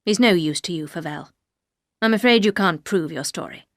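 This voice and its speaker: A woman doing a measured formal colonel. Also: lowish voice, dry recording, studio quality, pitched below the performer's own voice, lightly acted. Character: calm formal older colonel questioning.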